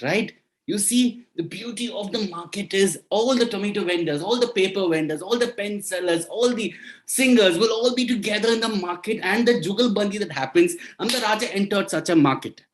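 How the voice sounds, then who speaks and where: A speaker telling a folk tale over a video call, playful and repetitive, talking straight to the listeners. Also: medium pitch. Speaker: storyteller. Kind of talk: storytelling to an online audience.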